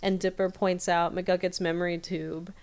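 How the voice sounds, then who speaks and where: Woman podcaster recapping an episode, chatty, lowish smooth voice. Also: little pitch movement, normal speed, a little mellow. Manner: chatty retelling with fillers. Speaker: podcast co-host.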